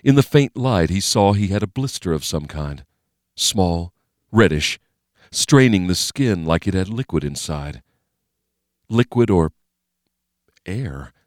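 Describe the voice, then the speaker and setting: A man reading a novel aloud as narrator, in a steady, measured way. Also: low-pitched, no echo, studio quality. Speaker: audiobook narrator. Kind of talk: scripted narration.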